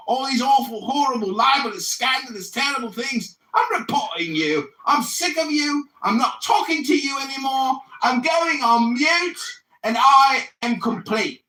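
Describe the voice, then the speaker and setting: A man putting on a mocking English accent, shouting indignant insults in a theatrical rant. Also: very high voice, roomy sound, recorded from a distance, pitched above the performer's own voice, full character voice. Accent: put-on English.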